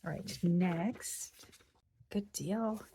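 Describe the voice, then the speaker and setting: Brief: woman craft host, lowish voice, relaxed chatty walkthrough at her table. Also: extremely slow, a little hiss or hum. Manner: chatty, thinks aloud while working. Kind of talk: casual craft tutorial.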